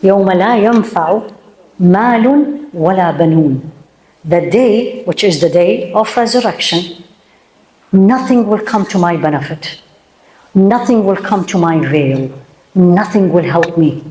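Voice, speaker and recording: A woman's voice: lowish voice, lively intonation, darkish tone. Emphatic woman preacher in an echoey room. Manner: emphatic, asks the audience many rhetorical questions; recites Arabic Quran verses quickly between English. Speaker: Islamic lecturer. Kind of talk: religious talk to a women's gathering. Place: room with a women's audience.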